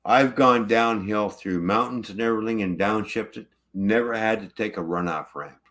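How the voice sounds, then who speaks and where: A man's voice: fairly low pitch, normal speed, a bit bright. A truck driver ranting angrily about his truck, swearing constantly in casual livestream talk.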